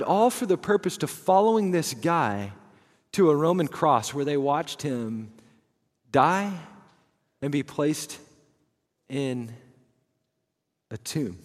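A male pastor giving a dramatic storytelling sermon. His fairly high voice swings between a low hush and fervent, pressing energy. A long reverb from a large hall trails each phrase.

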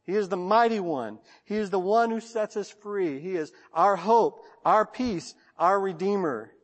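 A Texan man preaching a sermon as pastor, in a rhythmic cadence with long lists and soft drops at line ends. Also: high voice, unhurried. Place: church sanctuary. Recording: long church reverb.

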